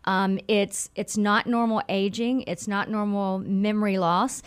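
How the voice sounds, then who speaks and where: A woman with a Mississippi accent, a nonprofit executive explaining things clearly as a radio guest. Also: medium pitch, steady tone, a little slow. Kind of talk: radio interview.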